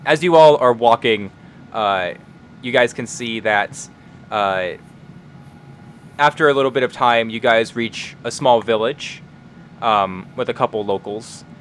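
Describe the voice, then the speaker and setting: A man's voice: medium pitch, measured pace, pauses often, fairly bright tone, a little hiss or hum. A man narrating as game master in a tabletop game, speaking casually with many fillers.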